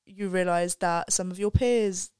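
A young woman speaks frankly and thoughtfully in relaxed podcast chat. Her voice is smooth and clear. The sound is close and dry, with no room echo. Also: lowish voice, measured pace. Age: young adult. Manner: candid, swears freely, reflective. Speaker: podcast guest, undergraduate. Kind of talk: casual chat.

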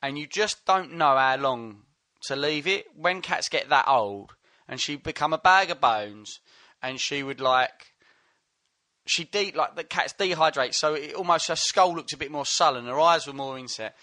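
A man with a mid-pitched, bright, punchy voice, telling an anecdote in a rambling, sweary way. The mic is close and the room is dry. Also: expressive, normal speed, no room sound. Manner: swearing, rambling, laughs at own jokes. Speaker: podcast co-host. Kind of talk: casual storytelling.

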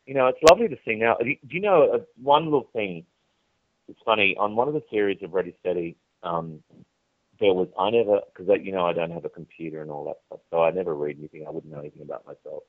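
A man's voice: low-pitched, fast, no echo. A male TV presenter being interviewed, telling chatty, candid stories and acting out the dialogue in them. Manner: lively storyteller who acts out quoted dialogue. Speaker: TV presenter guest. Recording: dry, tinny phone-like line.

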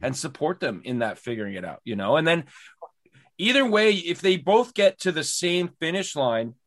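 A podcast host man with a fairly high voice, who talks with enthusiasm and repeats words for emphasis. His recording sounds dry and close. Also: big pitch swings, normal speed, dry recording. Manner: warmly enthusiastic, emphatic repetition. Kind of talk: casual conversational interview.

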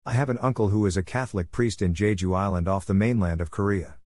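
A man's voice: lowish voice, fast talker, dry recording, clean studio sound, close to an everyday voice. A man voicing a friendly young Irish woman traveller in a read-aloud personal story. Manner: gentle, friendly.

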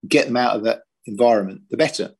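A man's voice: mid-range voice, fast, husky. An older man from Britain, a former police firearms officer, telling his story in a plain-spoken, matter-of-fact interview.

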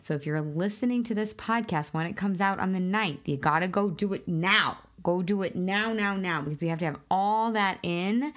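A woman hosting her own podcast as a weight loss coach, chatting in a bubbly, excitable way full of fillers. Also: lowish voice. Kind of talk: casual solo podcast talk.

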